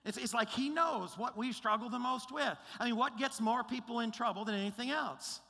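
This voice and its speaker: A man's voice: very high voice, fairly quick, vocal fry, bright, forceful tone. A male pastor preaching a sermon in an emphatic, conversational way, often checking in with his listeners. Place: large church auditorium. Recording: long reverb of a large hall.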